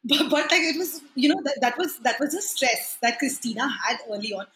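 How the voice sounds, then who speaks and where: An Indian woman in her thirties with a high, bright voice talks freely as a podcast guest. She laughs often and mixes Hindi phrases into her English. The room has a noticeable echo. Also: lively intonation, a little fast, a little hiss or hum. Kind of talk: casual chat.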